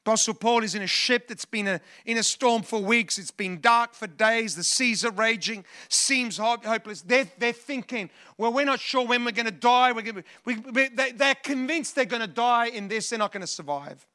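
A man's voice: extremely high pitch, moderate pace, hardly any pauses, pushed and bright. A man preaching a sermon in a church, often restarting phrases and calling on the congregation to respond. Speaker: pastor.

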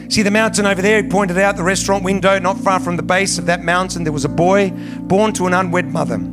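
A man preaching as a pastor, with rising emphasis, then telling a long illustrative story. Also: sits high. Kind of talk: sermon.

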